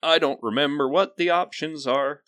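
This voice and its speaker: A man's voice: a little high, normal speed, fairly bright tone. A man playing a tabletop role-playing game, chatting casually and hesitantly. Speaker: player.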